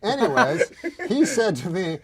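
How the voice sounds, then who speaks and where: A man doing a comedian's deadpan jokes and a halting, circling talk show story. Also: a little high, a loud crowd. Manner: deadpan, halting, circling back over his own phrases. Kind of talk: deadpan joke delivery and rambling anecdote.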